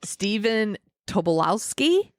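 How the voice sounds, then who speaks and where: A woman hosting a podcast in casual, animated chat, joking and swearing freely. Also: mid-range voice, takes it slowly, no room sound, clean studio sound. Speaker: podcast host.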